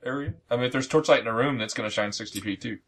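A man's voice: mid-range voice, rapid-fire, fairly bright tone. A man playing a tabletop game, chiming in with wry asides. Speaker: player. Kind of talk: casual tabletop play. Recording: slightly distant mic, faint noise.

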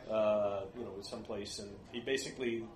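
A man, a tabletop game player, recapping the last session in a rambling, halting way with many fillers. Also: on the low side, fairly even intonation, a little mellow, reverberant.

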